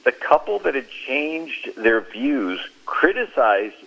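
A man giving a Christian talk on a radio show, telling stories in an animated way and acting out the quoted lines. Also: mid-range voice, slow pace, gravelly, poor audio. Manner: animated storyteller who acts out quoted speech. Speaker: Christian speaker.

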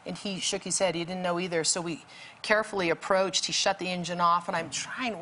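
A woman's voice: on the low side, fairly even intonation, a little fast, pushed and bright, slight background noise. A woman guest telling a vivid, emphatic story as a testimony, with bursts of urgency. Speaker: guest author.

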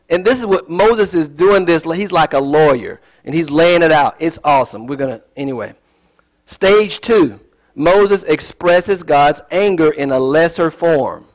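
A man's voice: on the high side, rough recording. A man giving a casual sermon as a Bible teacher, chatty and digressive, with joking asides.

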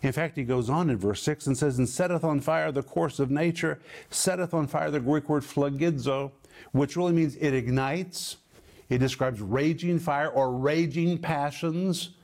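A man's voice: on the high side, moderate pace, darkish tone. A middle-aged man preaching an emphatic sermon, explaining word meanings with big rises and falls in his voice.

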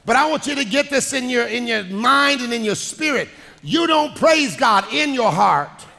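A male pastor preaching a sermon, shouting and singing his lines and calling out to the congregation. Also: very high voice, lively intonation, normal speed, creaky. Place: large church hall with congregation. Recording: echoing hall with music and crowd.

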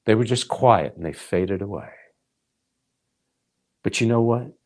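A man's voice: lowish voice, a little slow. A middle-aged man preaching a sermon, telling a personal story and acting out his dialogue with God, addressing listeners as folks. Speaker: pastor.

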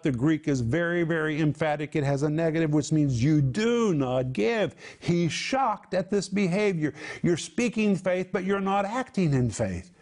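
A man's voice: on the high side, a little mellow. A man teaching the Bible on a broadcast program, emphatic, explaining the meanings of Greek words verse by verse.

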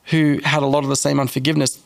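A man sharing a personal faith testimony in an interview, earnest and halting, with frequent restarts. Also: medium pitch, level tone, gravelly, no echo. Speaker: guest telling his testimony.

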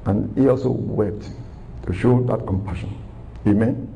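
A man's voice: lowish voice, steady tone, a little slow, gravelly, dark tone, a little hiss or hum, rough recording. A man preaching a recorded sermon, earnest and repetitive, asking rhetorical questions.

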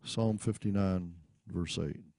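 A man's voice: deep voice, takes it slowly, vocal fry, warm tone, dry recording. A man preaching a sermon, often breaking into laughter and calling on the congregation to repeat after him, stumbling and restarting as he reads verses. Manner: repeats and restarts words while reading scripture.

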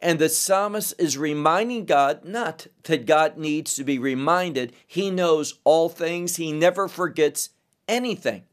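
Slow, deliberate male Bible teacher. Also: on the high side. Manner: slow, deliberate, with rhetorical questions. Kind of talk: scripture teaching.

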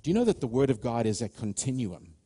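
Mellow-voiced pastor preaching. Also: male voice, medium pitch, very animated, fast talker, breathy edge. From South Africa. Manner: earnest, stop-start with frequent restarts, calls out to the congregation. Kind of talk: live church sermon with announcements. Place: church sanctuary.

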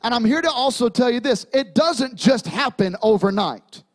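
A man's voice: very high voice, lively intonation, normal speed. A man, preaching a sermon in a church sanctuary, with humor and emphatic repetition. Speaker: pastor.

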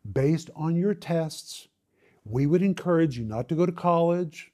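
A blunt school counselor, as a preacher plays him, speaking low and measured without softening the verdict. The tone is mellow and warm-edged, a little higher than most men's. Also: male voice, animated. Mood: grave.

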